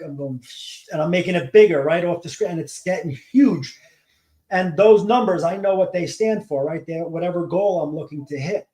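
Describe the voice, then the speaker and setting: A man with a fairly high, mellow voice talks casually as a podcast host, rambling and restarting his sentences. The room around him sounds echoey. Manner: rambling, many restarts and fillers. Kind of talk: casual monologue.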